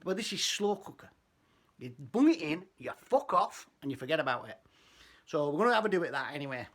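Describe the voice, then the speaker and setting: A man's voice: on the high side, big pitch swings, fairly quick, a bit bright. Sweary, chatty man cooking. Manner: chatty, sweary and self-mocking. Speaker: home cooking vlogger. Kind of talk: casual cooking demonstration. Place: home kitchen. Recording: roomy, distant kitchen sound.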